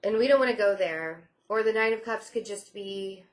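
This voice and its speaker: A woman's voice: mid-range voice, normal speed. A woman giving a casual tarot reading, reassuring and repeating herself, often saying she feels things. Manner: reassuring, repeats phrases, many "I feel like" fillers. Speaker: tarot reader.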